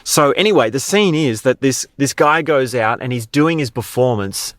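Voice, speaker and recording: A man's voice: mid-range voice, animated, moderate pace, fairly bright tone, dry recording. Chatty Australian man, dry close sound. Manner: conversational, frequent "right?" tag questions. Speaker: podcast host. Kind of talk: casual podcast monologue.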